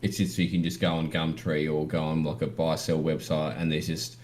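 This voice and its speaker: A man's voice: very deep voice, flat delivery, a little fast, a little mellow. An Australian man co-hosting a podcast, chatting casually and rambling with lots of "like" fillers. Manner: rambling, heavy use of "like". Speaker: podcast co-host. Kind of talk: casual chat.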